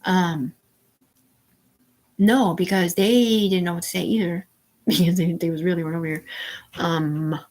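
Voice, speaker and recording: A woman's voice: fairly low pitch, steady tone, a little slow, long pauses, darkish tone. A woman hosting a live stream, talking in a rambling, profane monologue that jumps from topic to topic. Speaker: livestream host.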